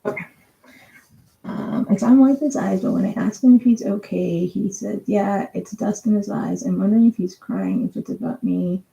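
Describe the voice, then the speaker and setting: Gravelly-voiced woman reading tarot live. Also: medium pitch, moderate pace, mellow, highs cut off. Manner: chatty, giggly, thinks aloud with many fillers. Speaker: tarot reader. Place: home.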